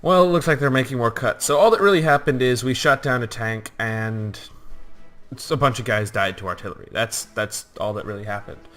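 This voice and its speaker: Casual male gamer, mid-range voice, loose and chatty play-by-play over loud game music. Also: medium pitch, brisk. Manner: rambling, jokey, acts out soldiers in silly voices. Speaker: gaming YouTuber. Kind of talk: casual gameplay commentary.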